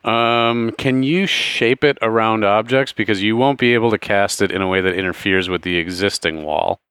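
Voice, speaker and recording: A man's voice: fairly low pitch, moderate pace, a bit bright, clean tone, no room sound, clean studio sound. A man running a tabletop game as game master, casual and joking in his rulings.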